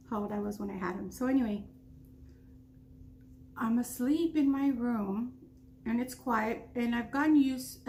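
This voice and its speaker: A chatty woman in her thirties tells a story between bites, her voice a touch high. She talks casually with food in her mouth, and a faint hum sits behind her. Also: creaky, dark tone. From United States. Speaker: vlogger.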